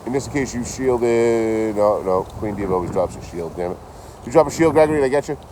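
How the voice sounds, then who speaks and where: A man chatting casually to his livestream chat outdoors, telling stories in an animated, swearing way. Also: fairly low pitch, brisk, slight background noise, poor audio. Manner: animated, swears a lot, talks to chat by name.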